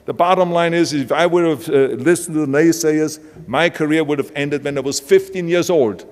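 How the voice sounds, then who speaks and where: A man's voice: fairly high pitch, moderate pace. An older man from Austria with a heavy Austrian German accent, giving an emphatic motivational speech full of punchy anecdotes. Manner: emphatic storytelling, punchy lines. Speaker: keynote speaker. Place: large event hall. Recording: long hall reverb from a live stage.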